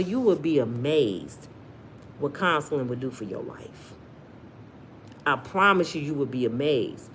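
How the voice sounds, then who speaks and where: A middle-aged woman with an African American English accent gives sassy live-stream commentary while reading live chat, talking straight to her viewers. Her voice is deep and her pace measured, her manner animated and sassy. A little hiss or hum sits under the recording.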